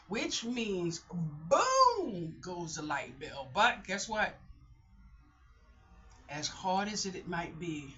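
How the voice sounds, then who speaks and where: Pitched fairly low and a bit bright, a middle-aged woman speaks candidly in a casual vlog, wandering between thoughts and frequently starting sentences over. The recording has a dull, lo-fi sound.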